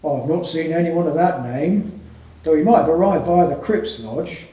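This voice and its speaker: A man voicing a hearty former guardsman working as a college head porter, booming and loud, in an echoey room. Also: moderate pace, close to an everyday voice. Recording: echoey room, mic from afar.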